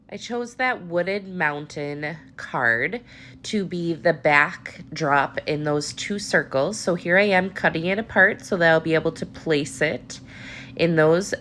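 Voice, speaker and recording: Woman, low voice, a bit stuffy from allergies, chatty upbeat craft tutorial host. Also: unhurried, a bit bright, slight background noise. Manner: chatty, upbeat, talks to viewers directly.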